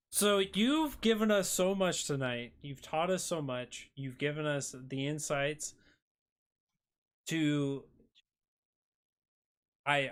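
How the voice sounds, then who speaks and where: Lively, slow-talking man host. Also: on the high side, smooth. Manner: joking, playful exaggeration. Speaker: podcast host. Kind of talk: casual interview chat.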